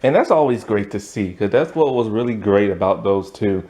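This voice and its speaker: A man casually recapping a TV episode, telling it in an animated way with lots of "like" and "um" and frequent laughter. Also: lowish voice, normal speed. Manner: animated storytelling, lots of fillers, laughs often. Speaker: TV episode reviewer.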